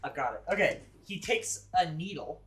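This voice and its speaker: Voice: medium pitch, animated, moderate pace, background noise. A player in a tabletop game, working out a character's move aloud with many fillers and the odd curse. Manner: thinks aloud, with fillers and swearing. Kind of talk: tabletop role-play. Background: music.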